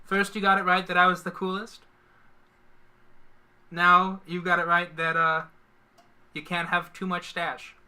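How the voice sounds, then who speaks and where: A man's voice: high-pitched, completely flat delivery, unhurried, pauses often, pushed and bright, smooth. A man co-hosting a casual live stream, joking and poking fun at himself. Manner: jokey, self-mocking. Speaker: stream co-host.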